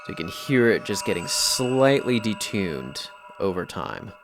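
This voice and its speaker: A man casually explaining how he recorded and processed sounds for a music piece, in a relaxed way with a few fillers. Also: on the low side, measured pace. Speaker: music producer. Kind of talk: casual tutorial narration.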